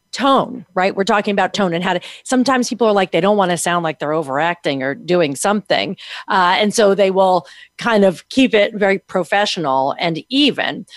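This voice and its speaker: A woman co-hosting a show, giving direct and animated feedback on a guest's interview, often acting out quotes. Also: medium pitch, no echo, studio quality. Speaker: co-host giving media coaching feedback. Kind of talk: conversational critique.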